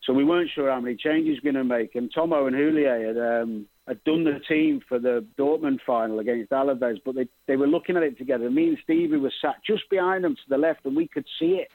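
A former footballer briskly recalling a match on a radio phone interview. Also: male voice, mid-range voice, no echo. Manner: brisk recollection. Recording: dry tinny phone line.

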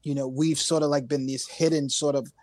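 A man from Newark, New Jersey, as a guest musician telling loose, animated stories with street slang in a casual interview. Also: a little high, brisk, dry recording.

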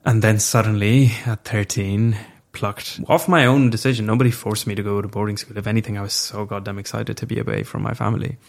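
A man's voice: lowish voice, little pitch movement, a little fast, vocal fry, hardly any pauses. A young man telling a personal story as a podcast guest, frank and reflective, swearing casually.

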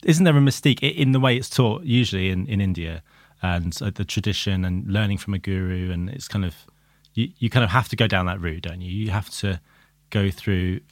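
Man, lowish voice, hesitant thoughtful questions, dry close sound. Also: brisk, no echo. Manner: thoughtful, searches for words, asks questions. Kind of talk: casual conversation.

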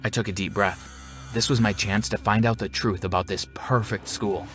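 A man reading a first-person story aloud in a steady, even narration. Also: lowish voice, moderate pace, soft background music.

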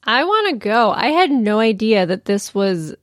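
A young woman with a mid-range voice co-hosting a podcast, easygoing and playful in casual chat. She sounds relaxed and friendly with the others. The sound is close and dry. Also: medium pitch, normal speed, dry recording. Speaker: podcast co-host.

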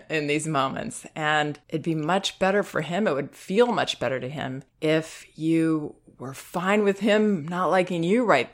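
Middle-aged woman, low voice, calm steady parenting advice, no rush. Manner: calm, unhurried, reassuring. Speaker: parenting advice podcast host. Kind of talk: advice talk.

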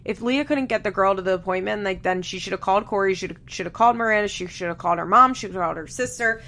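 Young female podcast host, casual and opinionated, mid-pitched, laughs easily. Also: fast talker, gravelly, bright, forceful tone. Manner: chatty, opinionated, laughs often, lots of "like". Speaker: podcast host recapping a reality show. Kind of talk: casual recap chat.

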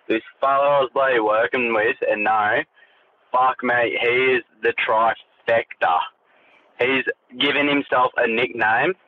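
A man with an Australian accent leaving a blunt, sweary voice message for a podcast. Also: medium pitch. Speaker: listener voice message. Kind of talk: casual voice message. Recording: tinny phone line, faint noise.

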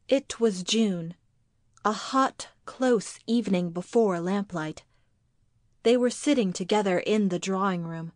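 Slow, measured woman narrating a story. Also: medium pitch, no room sound, clean studio sound. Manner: measured, deliberate and atmospheric. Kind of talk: scripted narration of a literary ghost story.

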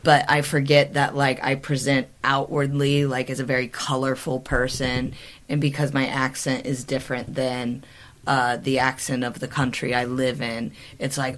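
A woman's voice: a bass voice, little pitch movement, moderate pace. A woman with a Midwestern American accent, hosting a podcast in chatty, rambling conversation. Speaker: podcast host. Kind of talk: casual conversation.

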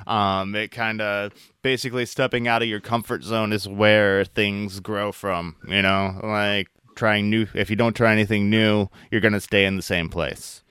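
A man hosting a podcast interview, relaxed and jokey in casual chat. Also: lowish voice, normal speed, hardly any pauses, smooth, no room sound, clean studio sound. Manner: relaxed, jokey, uses fillers like "like" and "you know". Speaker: podcast host.

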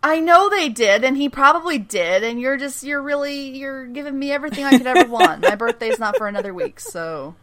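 A woman's voice: high-pitched, sing-song, fairly quick, few pauses, a bit bright. A woman co-hosting a podcast, animatedly recapping a TV episode with giggles and casual swearing. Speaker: podcast co-host.

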